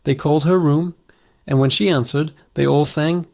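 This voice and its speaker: A man's voice: fairly high pitch, fairly even intonation, normal speed, gravelly, darkish tone. A man hosting his channel, telling funny stories in an upbeat, conversational narration. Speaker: channel host. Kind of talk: scripted storytelling narration.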